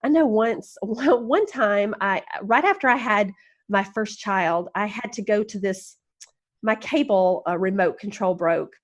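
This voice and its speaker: A woman guest on a podcast interview, telling self-mocking stories in an animated, encouraging way and laughing as she goes. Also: mid-range voice, a little slow, muffled recording. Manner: encouraging, upbeat. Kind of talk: casual storytelling interview.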